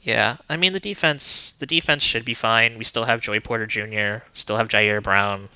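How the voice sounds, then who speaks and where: Man, lowish pitch, very bright sharp tone, upbeat casual chat. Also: clear, resonant tone, no echo. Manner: upbeat, quick laughs, loose phrasing.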